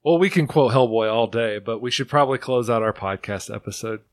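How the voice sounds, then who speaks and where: A man's voice: medium pitch, a little fast, no room sound. A man co-hosting a podcast in easygoing casual chat. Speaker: podcast co-host.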